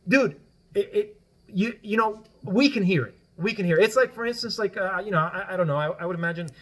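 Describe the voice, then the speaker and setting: A man's voice: sits high, fairly quick, a bit bright. A man whose first language is Spanish, a guest on a casual political podcast. He explains his points at length and keeps checking in with "right?".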